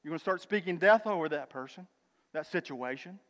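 A high-pitched man preaching in a church hall, his voice ringing with a long reverb. He swings between emphatic, swelling declarations and quiet, conversational asides, addressing the congregation as brother and sister. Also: animated, fairly quick. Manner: emphatic, builds to loud declarations then drops to quiet asides. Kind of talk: sermon.

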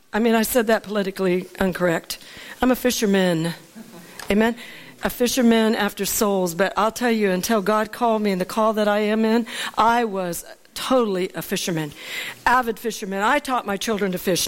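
A woman from Alaska preaching in a storytelling sermon, animated and laughing often as she asks her listeners for an amen. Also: medium pitch, normal speed.

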